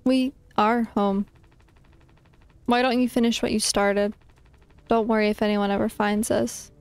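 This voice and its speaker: A woman reading out a remorseful game character's dialogue, pleading earnestly but flatly. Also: a little high, unhurried, clear, resonant tone, no room sound, pitched below the performer's own voice. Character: remorseful game character begging a partner's forgiveness.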